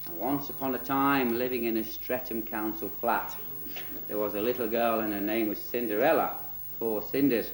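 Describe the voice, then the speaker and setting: Bloke reading a rude kids' story, cheeky and giggly, echoey room. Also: male voice, mid-range voice, a little hiss or hum. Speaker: presenter and storyteller. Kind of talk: comic spoof children's story. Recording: roomy echo.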